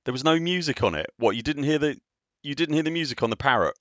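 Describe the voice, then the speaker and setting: A man chatting casually on a game stream, excitable and self-deprecating, often laughing. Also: medium pitch, fast talker, no room sound, highs cut off. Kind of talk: casual live-stream chat.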